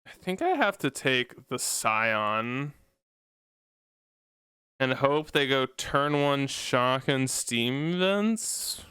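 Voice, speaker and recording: A man commentating his own card game, pleading and groaning at bad luck with loud anguished outbursts. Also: mid-range voice, big pitch swings, very slow, clean tone, no room sound, studio quality. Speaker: gameplay commentator.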